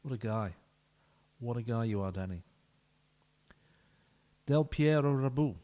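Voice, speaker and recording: A man's voice: medium pitch, animated, a little slow, mellow. A man, streaming a football management game and talking playfully to each player, often dropping to a whisper. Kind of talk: live-streamed game commentary.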